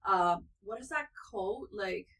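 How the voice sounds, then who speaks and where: A woman co-hosting a casual podcast, who offers energy healing, speaks earnestly and affirmingly. Her medium-pitched, fairly bright voice is expressive and unhurried, though the recording is rough.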